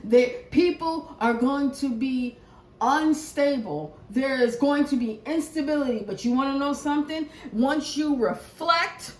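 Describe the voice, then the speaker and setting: High-voiced woman in a ranting tarot read, echoey. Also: measured pace. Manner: profane, preachy, swings from shouting to hushed prayer. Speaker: tarot reader. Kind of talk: impassioned collective reading rant.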